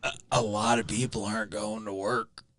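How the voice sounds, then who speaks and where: A man talking as a guest grower in a casual podcast chat, rambling and mimicking people in mocking high voices. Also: little pitch movement, normal speed, crowd noise.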